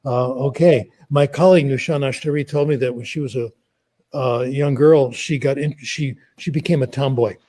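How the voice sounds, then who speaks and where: An older man explaining an academic idea through relaxed, conversational anecdotes. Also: medium pitch, moderate pace. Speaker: guest speaker.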